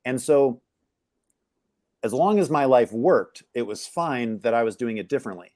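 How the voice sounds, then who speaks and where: A man's voice: mid-range voice, lively intonation, normal speed, darkish tone, dry recording, clean studio sound. A middle-aged man as a guest on a live interview, reflecting candidly on his upbringing, searching for words as he goes. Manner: candid, searching, many restarts and fillers. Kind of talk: reflective personal storytelling.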